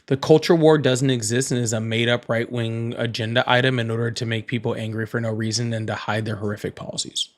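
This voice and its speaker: A man hosting a casual political call-in livestream, chatty and quick to laugh and banter. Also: medium pitch, steady tone. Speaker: livestream host.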